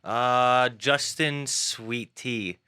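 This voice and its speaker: A man chatting on a podcast, relaxed and giving short answers. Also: mid-range voice, drawn-out words, clean tone. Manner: laid-back, short answers. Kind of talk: casual chat.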